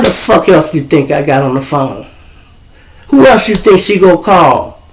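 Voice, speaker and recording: This Chicago host, a middle-aged man, shares family stories casually at normal speed over poor audio with slight background noise. His voice runs a bit high for a man, and his lively, profane telling includes impressions of the people he quotes.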